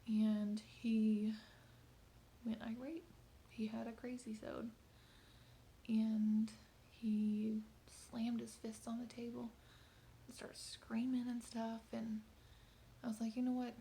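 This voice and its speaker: A woman in her thirties recounting a hard evening with her son in a personal video diary, speaking softly and haltingly, often close to a whisper, and tearful at times. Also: a little high, little pitch movement, vocal fry, slight background noise. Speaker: mother.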